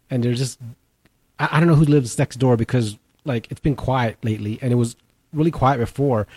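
A man's voice: a little mellow, husky. A man co-hosting a podcast in casual chat, swearing often and laughing through his stories. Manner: swears a lot, laughs through stories, mimics in high pitch. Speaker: podcast co-host.

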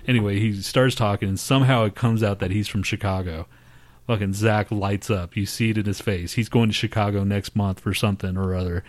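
Lowish-voiced man telling a crude story. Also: fairly even intonation, brisk. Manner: profane, laughing, mimics others in high voices. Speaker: podcast co-host. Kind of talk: casual storytelling chat.

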